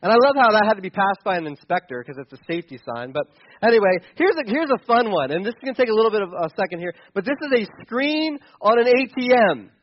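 A man's voice: high-pitched, expressive, quick pace, no echo, dull audio. A man giving sarcastic, exasperated comedic commentary on pictures, chuckling as he goes.

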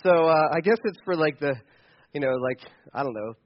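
A man's voice: on the high side, animated, brisk, muffled recording, a little hiss or hum. A man giving sarcastic, exasperated comedic commentary on pictures, chuckling as he goes.

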